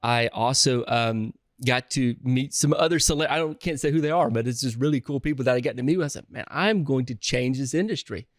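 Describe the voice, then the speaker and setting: A man with a Southern accent, a real estate investor telling stories in a casual interview, energetic and rambling with many restarts. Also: mid-range voice, fairly quick, few pauses, no room sound, clean studio sound.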